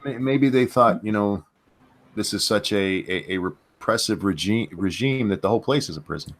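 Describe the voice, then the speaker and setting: A man hosting a livestream, reading news stories aloud with halting restarts and self-corrections. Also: fairly low pitch. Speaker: show host.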